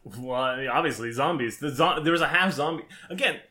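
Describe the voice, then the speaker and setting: Man, bright sharp voice, dry teasing, casual podcast chat. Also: mid-range voice, a little fast. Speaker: podcast co-host.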